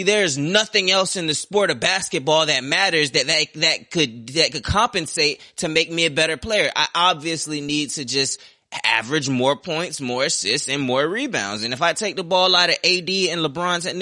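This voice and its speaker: A young man rants about sports on a podcast, heated and sarcastic and swearing freely. His voice is bright and forceful, and sits a bit higher than most men's. The sound is dry and close, with no room echo. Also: lively intonation, normal speed. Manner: heated, profane, sarcastic ranting. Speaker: podcast host. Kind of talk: ranting sports talk.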